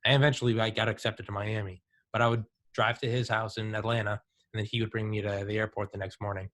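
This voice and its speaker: A podcast host in his thirties fires off stories in casual conversation, an animated storyteller full of "like" and "dude." His voice is on the low side, and he talks fast.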